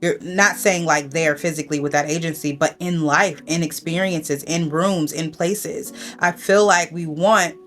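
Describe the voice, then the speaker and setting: Young woman creator, low voice, chatty heartfelt vlog update, lots of ums. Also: fairly even intonation, measured pace, hardly any pauses, faint music behind. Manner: chatty, heartfelt, many ums and self-talk. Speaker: content creator. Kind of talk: casual reflective vlog update.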